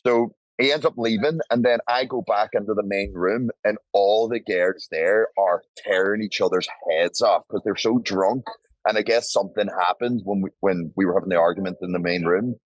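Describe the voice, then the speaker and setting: A man's voice: on the low side, moderate pace, no echo, muffled recording. Aussie guy telling a crazy story, acts out everyone, swears a lot, dry close sound. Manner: animated storyteller, acts out voices, swears freely. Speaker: podcast guest. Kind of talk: casual storytelling. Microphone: podcast studio mic.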